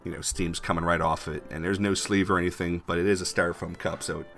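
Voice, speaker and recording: A man's voice: sits low, level tone, fast talker, creaky, fairly bright tone, faint music behind. A man narrating a tabletop game as game master, in a rambling, filler-heavy way.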